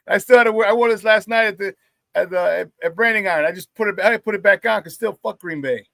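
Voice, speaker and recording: Brash high-voiced sports talk host, man. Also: moderate pace, creaky, long pauses, fairly bright tone, no echo. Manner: brash, profane, trash-talking; laughs often between remarks. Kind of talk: casual sports talk show.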